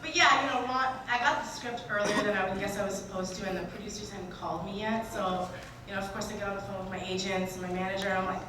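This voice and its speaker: Animated woman actor in an echoey hall. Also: medium pitch, fairly quick. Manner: animated, emotional storytelling with laughs. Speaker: actor on a convention panel. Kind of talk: casual panel storytelling. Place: large convention hall. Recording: echoey noisy hall from far off.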